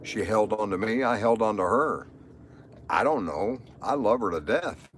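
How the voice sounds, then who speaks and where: A middle-aged man talks through a live stream in a low voice, circling back to the same phrases over and over. His delivery is rambling and emotional. A faint background hum sits under him. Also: animated, normal speed. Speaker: livestreamer. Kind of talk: live stream monologue, reading chat.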